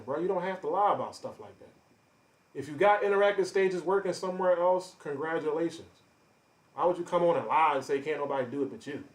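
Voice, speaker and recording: A man ranting on a live stream, confrontational and boastful, calling out chat members by name with loud bursts and drawn-out emphasis. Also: a little high. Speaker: livestreamer. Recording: roomy echo.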